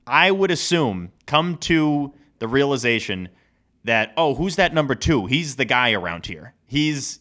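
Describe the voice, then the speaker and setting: Bright-voiced man in rambling sports chat. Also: mid-range voice. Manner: rambling, animated, laughs often. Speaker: podcast co-host.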